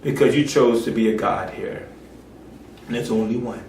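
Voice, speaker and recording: A man preaching a sermon in an emphatic, folksy way, swinging between loud outbursts and quiet asides. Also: lowish voice, moderate pace, reverberant, distant mic, slight background noise.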